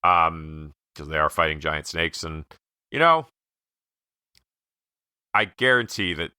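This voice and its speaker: A man co-hosting a podcast, musing about a movie in a measured way with lots of fillers. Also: extremely low pitch, animated, pushed and bright, clean tone, no room sound, clean studio sound. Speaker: podcast co-host. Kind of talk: casual movie review chat.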